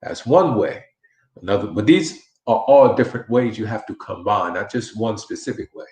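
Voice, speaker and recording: A man with a somewhat low voice teaches a casual language lesson, repeating example sentences and encouraging the learner. His voice rings in an echoey room. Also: expressive, moderate pace, darkish tone. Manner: repeats phrases and models question inflection, encouraging. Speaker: Spanish teacher.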